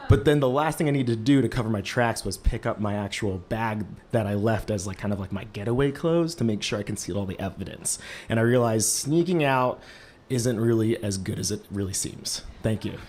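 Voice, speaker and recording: A man in his twenties telling a lively first-person story on a small stage, talking through a microphone and filling his sentences with "like". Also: fairly low pitch, brisk. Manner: lively, heavy use of "like" fillers. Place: stage of a small live-event venue.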